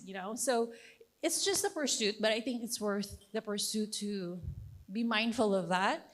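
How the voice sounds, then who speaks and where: A fairly high-voiced woman speaks at a conference. She talks to the audience like friends, casual and encouraging, leaning on fillers as she thinks aloud. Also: measured pace. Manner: conversational, encouraging, with many fillers. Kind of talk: conference presentation.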